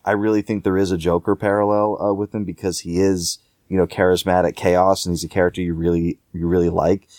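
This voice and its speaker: Deep-voiced man chatting casually about games. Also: flat delivery, fairly quick, few pauses, a little mellow, no room sound, clean studio sound. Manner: rambling, many fillers and restarts. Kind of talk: casual gaming discussion.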